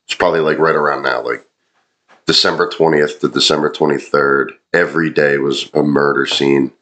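A man, a podcast host and former sous chef, telling animated stories with lots of swearing. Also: extremely low pitch, normal speed. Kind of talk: casual storytelling.

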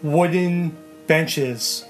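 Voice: mid-range voice, extremely slow, soft background music. A co-host in casual chat, recounting the events of a day at length in a conversational way.

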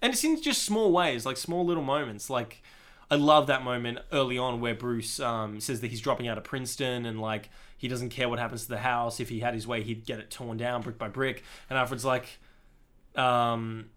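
Man, podcast co-host, casual film chat, bright forceful voice, filler-heavy. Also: medium pitch, normal speed. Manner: enthusiastic, swears often, many fillers.

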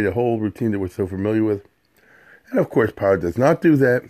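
A middle-aged Torah teacher with a fairly low, slightly mellow voice speaks quickly. He gives an informal scripture lesson, chatting through Hebrew verses and explaining them in plain English.

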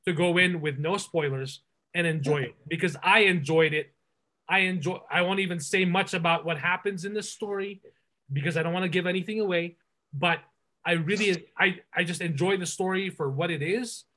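A man's voice: high-pitched, normal speed, sharp tone. A man hosting a casual movie podcast, rambling enthusiastically with lots of fillers and restarts. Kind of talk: casual movie review chat.

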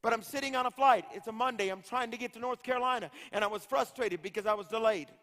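A man's voice: very high-pitched, fast talker, fairly bright tone. A middle-aged man, an evangelist, preaching a revival sermon with impassioned, rhythmic repetition. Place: large church hall. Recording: long hall reverb.

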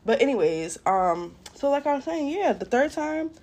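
A woman's voice: high voice, big pitch swings, normal speed, creaky, a little mellow. A young woman hosting a casual storytime vlog, talking bluntly and profanely straight to her viewers. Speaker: podcast host. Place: at home doing makeup.

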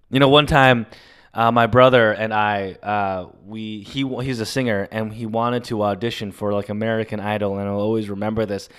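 A man's voice: fairly low pitch, clean tone. A man hosting a solo podcast, talking in an emotional, confessional and rambling way. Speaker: podcast host. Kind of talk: casual solo podcast monologue.

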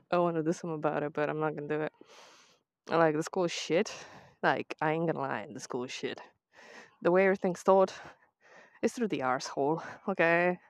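A woman's voice: sits low, fairly quick, dry recording. Sweary British woman ranting on a walk. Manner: ranting, heavy swearing, sarcastic. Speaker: vlogger. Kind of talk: casual voice-memo chat while walking. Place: outdoors on a walk to the seaside. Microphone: phone voice memo.

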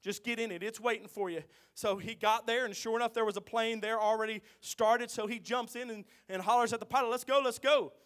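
High, bright-voiced preacher shouting sermon. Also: male voice, fairly even intonation. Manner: swings from quiet storytelling to shouted, drawn-out exclamations; tells jokes in a folksy way.

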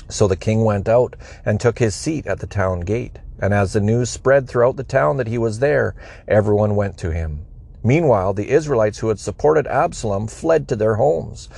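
Man, gravelly voice, scripture reading, measured, expressive. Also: mid-range voice, no echo. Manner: measured, expressive reading, voicing the quoted speakers. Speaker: Bible reader.

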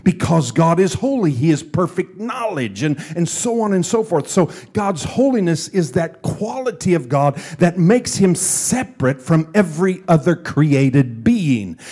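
A man's voice: fairly high pitch, big pitch swings, measured pace, few pauses, husky. A man preaching a sermon, teaching from scripture, repeating phrases for emphasis. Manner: builds from quiet teaching to loud fervent preaching. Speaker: pastor.

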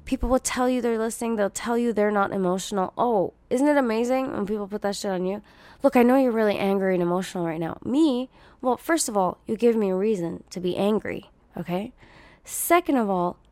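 A woman hosting a casual monologue podcast, blunt and profane, venting with sarcasm in a husky morning voice. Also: a little high, darkish tone, no echo. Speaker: podcast host.

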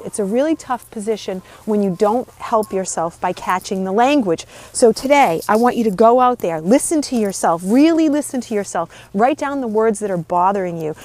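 A woman's voice: medium pitch, a little mellow. Earnest woman coach, repeating phrases. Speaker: life coach. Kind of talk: motivational daily talk to camera.

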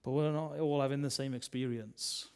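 A man, a minister preaching a sermon in a chatty style, full of tag questions and swings between loud and soft. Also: mid-range voice, fairly even intonation, moderate pace, clean tone.

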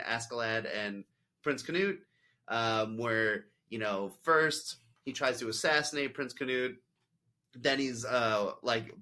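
Casual podcast host, man, bright and talky, meandering recaps. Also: medium pitch. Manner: rambling, full of "like" and quoted asides. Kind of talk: casual chat.

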